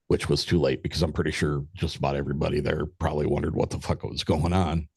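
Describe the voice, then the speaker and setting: A man's voice: extremely low pitch, steady tone, fairly quick, gravelly, darkish tone, breathy edge, no room sound, clean studio sound. A man who is a podcast guest, telling a story in a candid, casual way. He swears freely and acts out conversations as he goes.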